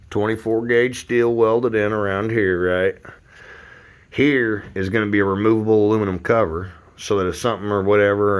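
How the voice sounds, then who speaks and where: A man, a roofer and hobby car builder, rambling and cursing through a casual workshop vlog from his garage, filmed on a phone. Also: on the low side. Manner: rambling, profane, frustrated. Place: home garage.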